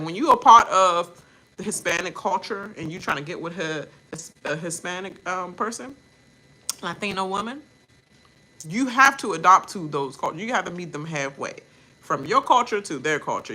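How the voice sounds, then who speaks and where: Animated woman ranting casually. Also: fairly low pitch. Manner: animated, laughing, mimics others in quoted voices. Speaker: reaction channel host.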